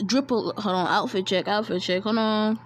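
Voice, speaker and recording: A woman's voice: medium pitch, fairly even intonation, normal speed, a little hiss or hum. Rambling slangy woman telling a story. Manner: rambling and slangy, many fillers. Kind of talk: casual fan-fiction storytelling.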